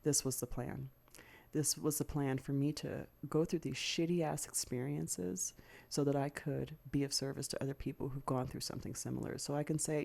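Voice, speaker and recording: A woman's voice: very deep voice, fairly even intonation, vocal fry, darkish tone. A woman podcast host telling a candid personal story, swearing freely, venting hot anger and briefly mimicking other people's lines. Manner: profane, venting and heated, with quick mimicry of others.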